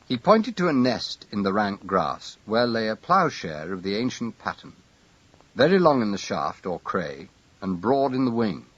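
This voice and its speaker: A man narrating an audiobook in a measured, expressive storytelling manner. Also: fairly low pitch, husky, no room sound, muffled recording. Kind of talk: scripted narration.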